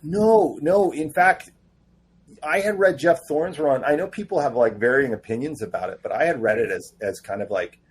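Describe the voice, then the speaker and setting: A man guest on a casual podcast interview, telling animated stories and acting out quoted dialogue. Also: a little high, normal speed, husky. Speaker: comic book writer guest.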